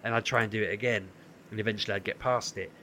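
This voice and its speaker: Podcast guy telling a story, bright punchy voice, does all the quotes, bit of background hum. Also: lowish voice, fast talker. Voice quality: animated, acts out quoted voices. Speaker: podcast co-host. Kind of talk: casual storytelling.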